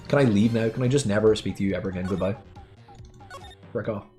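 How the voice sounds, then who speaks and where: A man's voice: on the low side, quick pace, dark tone, soft background music. A man grumbling and swearing while commenting on a game playthrough. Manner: grumbling, profane. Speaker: game player.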